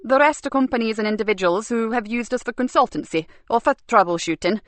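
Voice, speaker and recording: A woman's voice: on the high side, fast, no room sound, natural voice. A woman voicing a mild, absent-minded middle-aged man who designs websites, open and matter-of-fact. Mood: calm.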